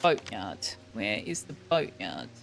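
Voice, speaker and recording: A woman's voice: rumbling low, big pitch swings, takes it slowly, vocal fry, soft background music. A woman streaming a game, chatting casually and reading the game's text aloud. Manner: chatty, switching between asides and reading. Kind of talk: casual let's-play commentary with read-aloud game text.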